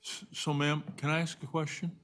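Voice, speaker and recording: Male chair running a community board meeting, courteous and measured. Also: a little high, little pitch movement, fairly bright tone. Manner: polite, measured, procedural.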